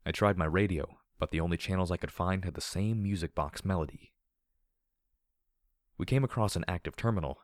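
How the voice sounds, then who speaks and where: Man narrating a grim audiobook, super low voice, steady and measured, dead dry sound. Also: no echo. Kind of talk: audiobook reading of dark fan fiction.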